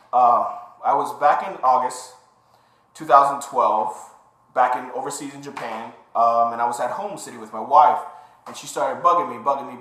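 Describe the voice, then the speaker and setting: Young man telling a story, roomy sound. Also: mid-range voice. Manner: animated retelling, acting out quoted dialogue. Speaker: vlogger. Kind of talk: casual storytelling to camera. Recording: roomy echo.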